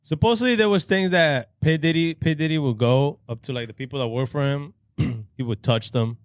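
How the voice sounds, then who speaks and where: A man's voice: fairly high pitch, fairly quick, no echo, clean studio sound. A man co-hosting a podcast in casual chat, passing on gossip with lots of hedges like "supposedly". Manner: hedging gossip, repeats "supposedly". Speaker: podcast co-host.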